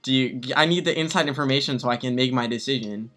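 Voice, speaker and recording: Bright-voiced young guy teasing a friend. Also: medium pitch, quick pace. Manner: teasing, laughing, repeats jokes. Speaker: channel host watching a game show. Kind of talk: casual gaming chat with a friend.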